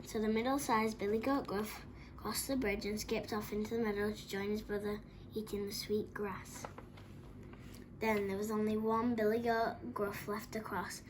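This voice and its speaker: Expressive woman reading a storybook. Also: medium pitch, normal speed, slight background noise. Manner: expressive, dramatic.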